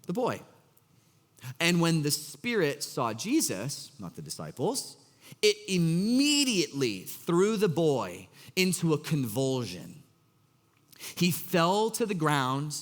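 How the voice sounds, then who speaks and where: A man's voice: on the high side, big-room sound. A man preaching a casual, joking sermon as pastor, acting out scripture characters with exasperated voices. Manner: animated, acts out Jesus's lines in an exasperated voice; casual and joking, full of fillers. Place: church hall.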